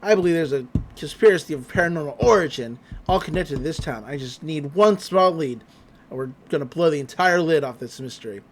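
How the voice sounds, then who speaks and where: A man voicing a humorless male government agent who speaks in a low, flat, quiet monotone. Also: brisk, crowd noise. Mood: deadpan.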